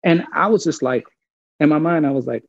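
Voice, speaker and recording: Brief: husky, gravelly male storyteller, casual and profane, dry and slightly dull sound. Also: fairly high pitch, a little fast, dry recording. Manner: animated, profane, acts out quotes.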